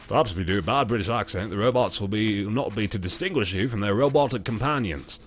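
A man doing live gameplay commentary, joking with chat, thanking viewers and yelling when startled. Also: fairly low pitch, quick pace, few pauses, soft background music. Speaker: gaming livestreamer.

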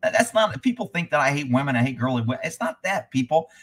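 A man's voice: a little high, very animated, fast talker. A man who trains horses, giving blunt, rambling live commentary over riding footage and swearing freely.

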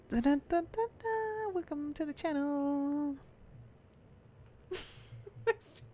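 A woman live-streams a video game, playfully chatting with viewers, greeting them by name, and humming along with a giggle. Her high voice has lively intonation and a fairly bright tone, and she speaks slowly with long pauses over a little hiss or hum.

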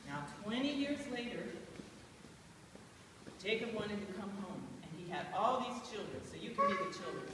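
A woman's voice: fairly high pitch, heavy background noise. A woman telling a Bible story to an audience in a chatty, playful way, recorded from far off in a large echoey hall.

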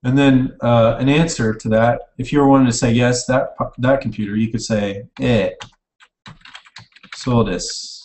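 A man's voice: medium pitch, fairly even intonation, a little slow, darkish tone, a little hiss or hum. Man teaching casually in an echoey room. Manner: casual, self-correcting, types while explaining. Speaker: online language teacher. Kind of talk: informal recorded lecture. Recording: echoey room, mic at a distance.

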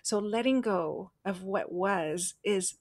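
A woman's voice: medium pitch, slow, darkish tone, dry recording. Earnest woman podcast co-host. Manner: earnest, emphatic, acts out voices in stories. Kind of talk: casual podcast chat, personal storytelling.

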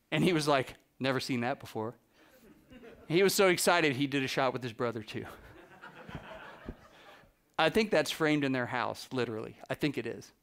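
Smooth-voiced man telling animated stories. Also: medium pitch. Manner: animated anecdotes, acts out dialogue, laughs often. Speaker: photographer giving a talk. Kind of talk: storytelling presentation to a live audience.

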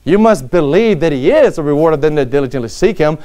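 A man's voice: fairly high pitch, animated, quick pace, warm tone. A man preaching a sermon in a church, earnest, reading scripture aloud with rising emphasis.

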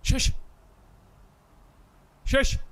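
A young man hosting reaction videos, swearing and shouting out loud as he reacts to scary clips. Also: drawn-out words, a little hiss or hum. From England.

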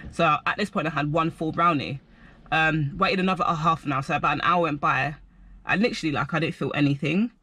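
A young man telling a rambling personal story to camera, animated and full of filler words. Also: fairly high pitch, fairly quick, slightly rough, no echo. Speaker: vlogger.

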